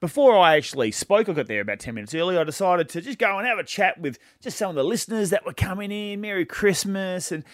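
A man's voice: high voice, lively intonation, fast talker, hardly any pauses, dry recording, clean studio sound. A man with an Australian accent, a radio host telling stories in casual banter, laughing through his anecdotes. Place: radio studio.

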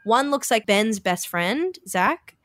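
A woman's voice: on the high side, expressive, takes it slowly, a bit bright, dry recording, clean studio sound. A woman co-hosting a podcast, telling a story in a chatty way and acting out what people said. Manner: chatty, acts out quoted dialogue. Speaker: podcast co-host. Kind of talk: casual storytelling chat.

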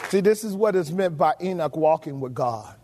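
A man pastor delivering a sermon, questioning the congregation, shouting some lines and dropping to a low murmur on others. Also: expressive, moderate pace, crowd noise, noisy background. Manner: preaches with shouted emphasis and sudden drops to a low murmur.

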